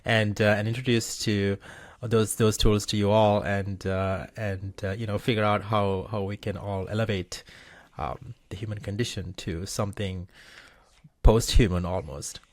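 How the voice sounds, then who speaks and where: Low-voiced curious co-host man, dry sound. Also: steady tone, moderate pace, dry recording. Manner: curious, hesitant questions. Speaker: podcast co-host. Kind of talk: podcast interview.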